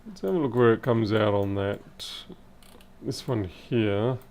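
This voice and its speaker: A man thinking aloud in casual live-stream commentary as he repairs electronics, his voice a little hoarse and wavering. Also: lowish voice, expressive, measured pace, darkish tone. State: slightly hoarse. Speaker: repair technician livestreaming.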